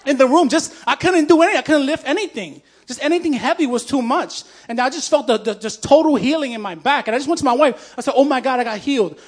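A man with a strikingly high voice delivers a testimony sermon. He talks in a loose, conversational way, full of fillers and false starts, and stays heartfelt throughout. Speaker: preacher.

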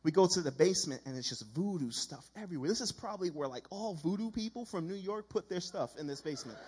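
A man preaching a sermon in a conversational, animated storytelling way, acting out the dialogue he quotes. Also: high-pitched, quick pace, husky.

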